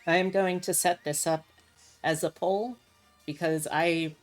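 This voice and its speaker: A woman's voice: on the low side, fairly even intonation, measured pace, faint music behind. A woman streamer chatting casually with her viewers in a rambling, indecisive, self-mocking way. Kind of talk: casual livestream chat.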